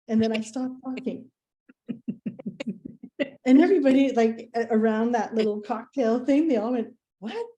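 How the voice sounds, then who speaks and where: Woman presenter, warm lower-toned voice, animated and chatty storyteller. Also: measured pace, pauses often, lo-fi sound. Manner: animated, acts out quoted dialogue; chatty, with frequent fillers. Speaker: presenter at a community meetup. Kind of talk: casual presentation with anecdotes.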